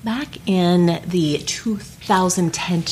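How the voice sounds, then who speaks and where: Woman, podcast host, lowish voice, gushing and chatty, faint noise behind. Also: a little mellow. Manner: enthusiastic, quick to agree, gushing. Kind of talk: casual chat.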